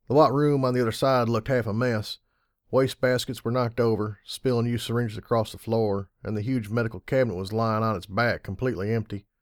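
A man reading fan fiction aloud in an audiobook style, measured and wry. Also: lowish voice, no room sound, studio quality. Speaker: audiobook reader.

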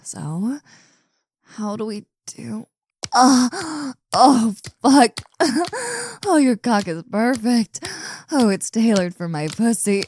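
A woman's voice: fairly high pitch, animated, slow, a little mellow, breathy edge, no room sound, studio quality, full character voice. A young woman voicing a cocky, domineering muscular college woman in an intimate audio role-play, teasing and mocking with frequent giggles. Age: young adult.

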